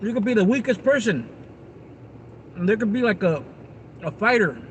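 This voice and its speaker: Streamer type: man with a high voice, chatty and rambling, talking straight to his viewers outdoors, faint traffic behind. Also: lively intonation, moderate pace, highs cut off. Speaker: live streamer. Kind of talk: casual livestream chat with viewers.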